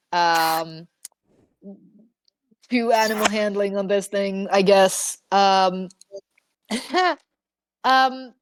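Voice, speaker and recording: A woman running a tabletop game as game master, talking in a hesitant, halting way with many fillers. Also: fairly high pitch, no room sound. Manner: hesitant, many ums and likes.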